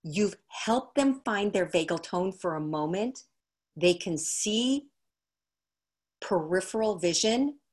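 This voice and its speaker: Slow, deliberate woman teaching over a video call. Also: lowish voice, husky. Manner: unhurried, repeats key phrases for emphasis. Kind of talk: explanatory teaching talk.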